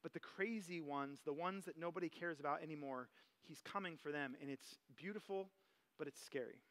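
A man's voice: a little high, fairly quick. A man, a father, preaching a sermon in a casual, conversational way, telling personal stories to his congregation. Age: adult parent. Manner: conversational, animated, personal anecdotes. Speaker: pastor.

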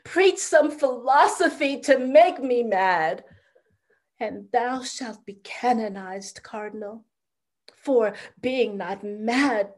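Anguished noble mother, fairly high voice, cries and whispers, slow. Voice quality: impassioned, swinging from loud cries to hushed whispers. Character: grieving noble mother, wild with sorrow. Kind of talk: classical stage drama.

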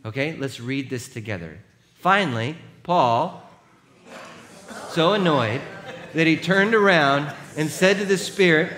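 A man preaching a sermon as pastor, animated and emphatic, and rallying the congregation. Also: on the high side, unhurried.

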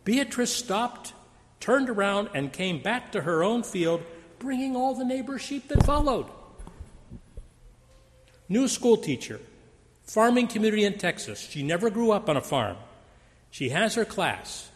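Lively storytelling male preacher in a hall. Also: unhurried, long pauses. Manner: storytelling with wide pitch swings. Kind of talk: sermon. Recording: long hall reverb.

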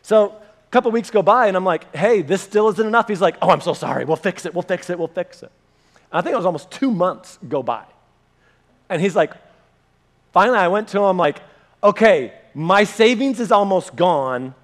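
A man with a high voice preaches a sermon. He tells a personal story and acts out the back-and-forth dialogue with animation. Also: animated, normal speed. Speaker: pastor.

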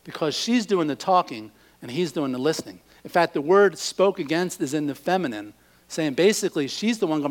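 A man preaching a sermon, animated and acting out the voices of the people he quotes. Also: a little high, a little fast.

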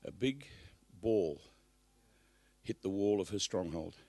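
A man preaching a live sermon at a church service, emphatic, swinging from loud bursts to hushed asides. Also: low voice, lively intonation, takes it slowly, husky, dry recording.

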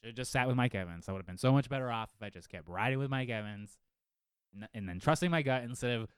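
A man co-hosting a casual fantasy football podcast, telling stories in a lively, profane way from a home studio. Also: mid-range voice, fast talker, clear, resonant tone, dry recording. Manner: animated, profane storytelling. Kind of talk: casual chat. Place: home studio living room.

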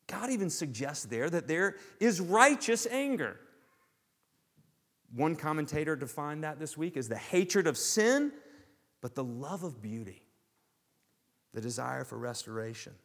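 A man preaching a sermon to his congregation with a lively, sweeping delivery, his voice riding up and down as he poses question after question. His pitch sits a touch high for a man, and the long reverb of a church hall trails each phrase. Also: measured pace, pauses often. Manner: animated preaching, rhetorical questions, swings from loud to hushed. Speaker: pastor.

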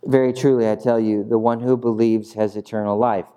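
A man doing a slow, low, grave teacher. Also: flat delivery, warm tone, clear, resonant tone, natural voice.

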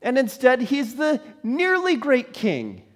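A man preaching a sermon, telling a story dramatically and swinging from loud to hushed. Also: very high-pitched, huge pitch swings, takes it slowly. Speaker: pastor.

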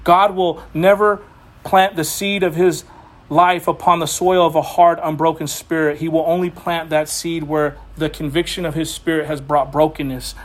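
A pastor preaching an impassioned sermon, often repeating phrases for emphasis. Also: male voice, a little high.

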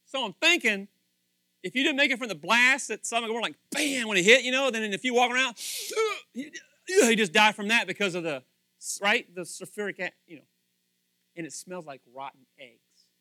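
A man preaching a casual sermon, animated and acting out little scenes with different voices. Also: high voice, normal speed, no room sound.

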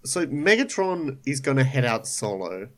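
A man's voice: mid-range voice, sing-song, normal speed. A man casually recapping a cartoon plot on a podcast with friends, with frequent hesitations. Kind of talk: casual chat.

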